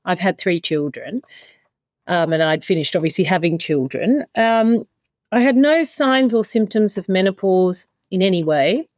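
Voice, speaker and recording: A middle-aged woman speaks in a slightly low voice, recorded dry and close. She tells her own story candidly as a podcast guest, slipping into the voices of people she quotes. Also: expressive, a little slow, a little mellow, no echo. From Australia. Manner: candid, emotional retelling with many quoted exchanges. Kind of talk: conversational storytelling.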